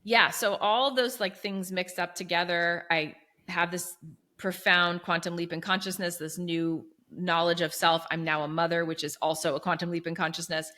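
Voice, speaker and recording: A woman in her thirties speaks as a guest in an interview, sharing her story earnestly and with animation. Her voice sits a little low but sounds bright and forceful. She leans on fillers like "you know" and "like" as the thoughts pour out. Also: fairly even intonation, moderate pace. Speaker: guest, business coach.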